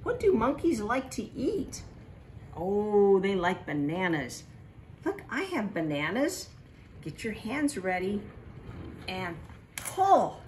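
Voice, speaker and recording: A middle-aged woman leads a sing-song lesson for toddlers, speaking slowly and deliberately. Her delivery is animated, with exaggerated gasps of delight. A faint hiss of noise sits behind her voice. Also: mid-range voice. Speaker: children's teacher.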